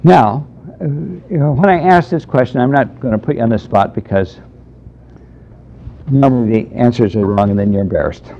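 A man's voice: medium pitch, normal speed, warm tone, a little hiss or hum. A man teaching a Bible class in a conversational, emphatic way, taking questions from the room. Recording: dull lo-fi lecture recording.

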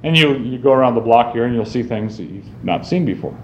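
A man's voice: medium pitch, lively intonation, brisk. A man teaching a group on how to read the Bible, speaking conversationally and often checking in with "right?". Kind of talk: teaching talk on Bible reading. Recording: roomy, slightly dull recording with faint noise.

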